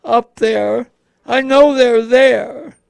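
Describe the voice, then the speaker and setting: A man co-hosting a radio show, talking casually in a slow, halting way with many pauses. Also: very high-pitched, steady tone, creaky, clean tone, dry recording. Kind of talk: casual on-air chat.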